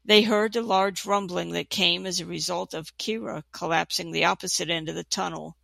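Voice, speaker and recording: Gravelly, bright storybook narrator. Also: mid-range voice, fairly even intonation, normal speed, no room sound. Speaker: audiobook narrator. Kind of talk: storybook reading.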